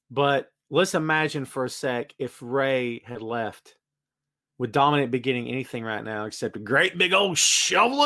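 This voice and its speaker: A man hosting a podcast in casual chat, animated and opinionated, talking straight to his listeners. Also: a little high. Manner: animated, opinionated, talks to the audience. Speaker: podcast host. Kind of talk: casual chat with live chat readers.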